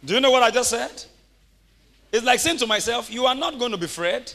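A male pastor with a high, bright voice preaches a sermon in a church. He laughs easily and builds up to shouted, ringing exclamations. The sound carries a long hall reverb. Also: animated, brisk.

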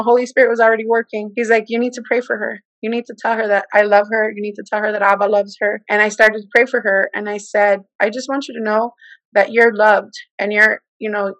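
A woman in her forties tells a personal story with lively energy. She slips into the voices of the people she quotes as she talks. Her voice sits at a middle pitch, in a dry, close recording. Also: no echo, rough recording. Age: 40s. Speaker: guest. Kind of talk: personal testimony in conversation.

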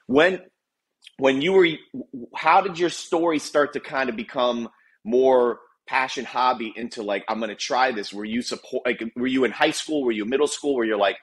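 A man's voice: medium pitch, moderate pace. A man hosting a casual interview, asking loose, rambling questions with casual swearing. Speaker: podcast host.

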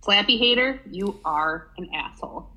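A woman co-hosting a casual podcast chat, talkative and quick to giggle as she reads a story aloud. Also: medium pitch, lively intonation, sharp tone, rough recording. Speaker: podcast co-host.

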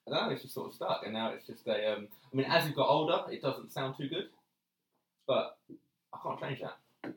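A man's voice: mid-range voice, expressive, brisk, long pauses. A young man, chatting as a podcast guest and laughing often. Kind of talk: casual chat. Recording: roomy sound, distant mic.

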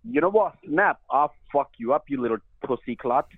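A man's voice: mid-range voice, lively intonation, normal speed, dry recording. A man who owns a shop, answering a phone call and angrily swearing back at the caller. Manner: swearing, shouting back insults. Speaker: shop owner taking a call. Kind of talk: angry phone argument. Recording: phone line.

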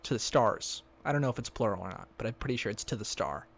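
A man's voice: lowish voice, very animated, very fast, vocal fry. A man co-hosting a casual movie podcast, joking around and rambling, often trailing off mid-thought. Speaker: podcast co-host. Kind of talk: casual banter.

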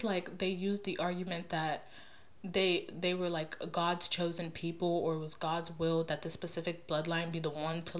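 A young woman hosting her own podcast, ranting casually and with exasperation, swearing freely as she jumps between loud outbursts and mumbled asides. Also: fairly low pitch. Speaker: podcast host. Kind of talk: casual solo podcast rant. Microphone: podcast microphone.

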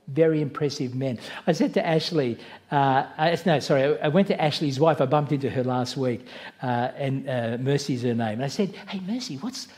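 A man's voice: on the high side, darkish tone. A man preaching a sermon as pastor, earnest and conversational, with asides and self-corrections. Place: church.

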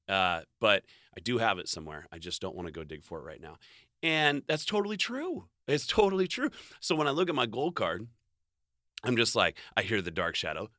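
A man's voice: fairly low pitch, bright, forceful tone, dry recording, studio quality. A man giving a casual, rambling motivational monologue, swearing freely, laughing often and cutting himself off mid-thought. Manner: profane, rambling, self-interrupting, laughs often. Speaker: vlogger.

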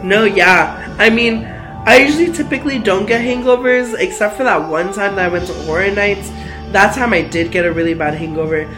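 A man's voice: high-pitched, fairly quick. Young man telling stories, slangy. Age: young adult. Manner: slangy, swears, fills with "like" and "dude". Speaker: podcast guest. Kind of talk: casual storytelling. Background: faint music.

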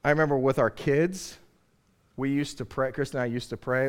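A middle-aged male pastor preaching a conversational sermon, which swings from quiet asides to loud, emphatic points. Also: medium pitch, fairly even intonation, normal speed, smooth.

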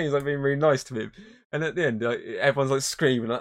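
A man with a medium-pitched voice and steady tone talks fast while co-hosting a podcast. In this casual chat he rambles, swears frequently, and acts out movie scenes in voices.

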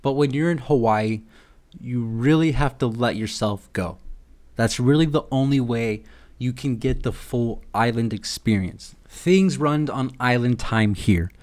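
Young guy podcast host, cussing and rambling through a funny story, medium pitch. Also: measured pace, a little mellow. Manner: irreverent, swearing, rambling storyteller. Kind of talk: casual comedic monologue.

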